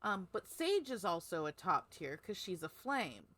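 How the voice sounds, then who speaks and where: A woman's voice: fairly low pitch, big pitch swings, a little slow, a bit bright. A woman co-hosting a book podcast, retelling a novel's plot in a rambling, casual way with lots of fillers. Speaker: podcast co-host. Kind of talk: casual book-club chat.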